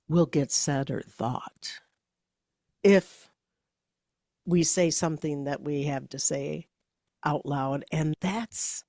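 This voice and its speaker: A woman's voice: low-pitched, darkish tone, no room sound, clean studio sound. A woman co-hosting a podcast about leadership, telling coaching stories in a reflective, conversational way. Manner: storytelling, reflective, quotes her own dialogue.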